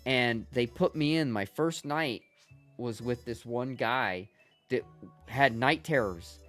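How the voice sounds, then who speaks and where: Profane middle-aged man streaming, lively pitch. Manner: profane, rambling storytelling with many restarts. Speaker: gaming livestreamer. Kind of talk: casual chat with viewers.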